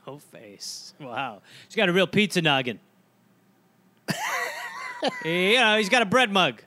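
Comedy co-host, man, high-pitched, lively, quick to riff. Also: a little hiss or hum. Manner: riffing jokes, playful interjections. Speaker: podcast co-host. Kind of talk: comedic banter.

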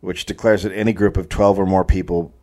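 A man's voice: low voice, flat delivery, fairly quick, a little mellow. A man hosting a comedy podcast, reading a history story aloud and breaking off to riff and joke with silly voices. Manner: reads the story then riffs with silly voices.

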